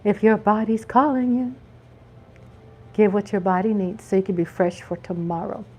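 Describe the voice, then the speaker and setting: A middle-aged woman from Texas, speaking with a Texan accent, hosts a casual live chat full of folksy, chatty talk to her viewers. Her mid-range voice is a little mellow, with fairly even intonation and a moderate pace.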